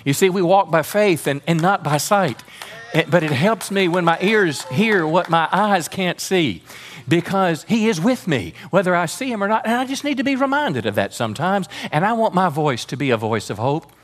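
A man's voice: sits high, lively intonation, normal speed. A man preaching a sermon as pastor, fervent and calling on the congregation to respond.

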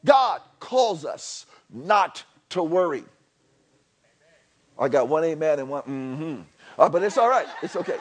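High-voiced, animated male preacher. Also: normal speed. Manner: animated, swinging from soft to near-shouting; chatty asides and repeated phrases. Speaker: pastor. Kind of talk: sermon. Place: church.

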